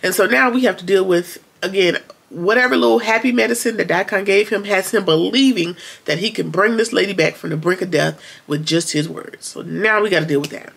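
Gravelly-voiced woman recapping a show. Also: mid-range voice, fairly quick. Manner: colloquial, animated retelling with sarcastic asides. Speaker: TV episode reviewer. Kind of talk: casual episode recap.

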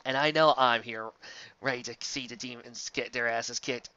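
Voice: medium pitch, steady tone, normal speed, pushed and bright, muffled recording. A fanfiction reader from the Southern United States, reading a story aloud with sarcastic, exasperated asides. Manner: sarcastic, exasperated, jumps between reading and ranting.

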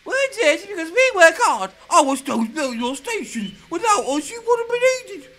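High cackling troublesome trucks. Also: male voice, big pitch swings, normal speed, full character voice. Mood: jeering. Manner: cackling, taunting. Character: cheeky rowdy freight trucks, male, jeering. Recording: loud music under the voice. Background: loud background music.

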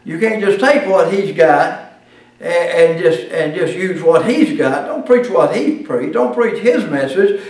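A man lecturing on preaching in a folksy, halting way, stumbling through fillers and restarts. His voice sits somewhat high and is picked up from a distance. The room rings with heavy echo. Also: expressive, a little mellow. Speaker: preaching class teacher.

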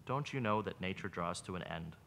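A male preacher voicing a calm, gently reproving older brother who speaks slowly and softly, in a read-aloud story. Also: gravelly, long reverb tail, slight background noise, heavily acted. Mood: gentle. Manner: low, slow, measured and soft.

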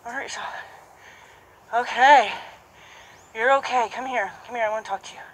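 A woman narrates her training session with a horse, talking through every step and softly calming the animal, in what sounds like an arena or round pen with hoofbeats and horse noises around her. Her voice is on the high side and a little fast. The recording is rough, with slight background noise.

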